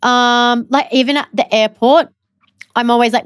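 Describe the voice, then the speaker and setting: Chatty woman, quick and laughing. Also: fairly high pitch, steady tone, smooth, no room sound, clean studio sound. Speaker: podcast co-host. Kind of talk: casual chat.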